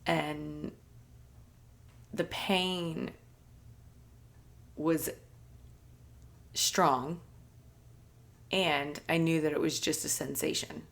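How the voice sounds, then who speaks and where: A woman hosting a podcast, telling a personal story in an earnest, soft-spoken, reflective way with light laughs. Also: sits low, steady tone, extremely slow, gravelly, long pauses. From United States. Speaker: podcast host.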